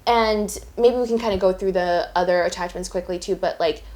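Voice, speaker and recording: A woman's voice: lowish voice, fairly quick, darkish tone. A woman co-hosting a casual podcast, asking a question with hesitant fillers. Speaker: podcast co-host.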